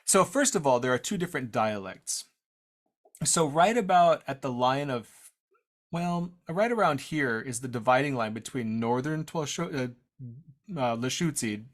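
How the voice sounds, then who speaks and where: Casual male language teacher on a video call, mid-pitched, halting and self-deprecating, with audio that drops out from a shaky internet connection. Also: expressive. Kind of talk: online presentation talk.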